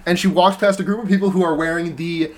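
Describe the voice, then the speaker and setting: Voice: medium pitch, steady tone, quick pace. Podcast co-host, casual movie chat, joking, swears. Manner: joking, swears, drops into silly impressions.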